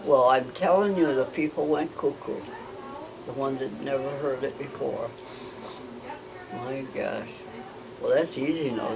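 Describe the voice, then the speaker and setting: Older woman, halting and rambling. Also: rumbling low, creaky, noisy background. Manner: hesitant, halting, with many restarts. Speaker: interviewee. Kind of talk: rambling family storytelling.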